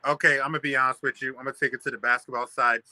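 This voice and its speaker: A man's voice: mid-range voice, flat delivery, rapid-fire, sharp tone, dry recording. A man co-hosting a sports podcast, ranting emphatically in casual talk. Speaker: podcast co-host.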